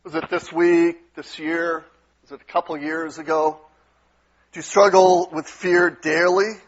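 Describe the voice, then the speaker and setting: A male pastor delivering a conversational sermon, dropping to a soft, gentle tone when he voices reassuring words. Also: on the high side, little pitch movement, unhurried, dull audio. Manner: conversational preaching with soft quoted asides.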